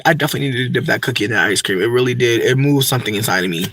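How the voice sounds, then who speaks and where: A man's voice: medium pitch, rapid-fire, fairly bright tone, slight background noise. A young man, rambling in a profane, campy, unscripted vlog monologue full of asides. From United States. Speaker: vlogger.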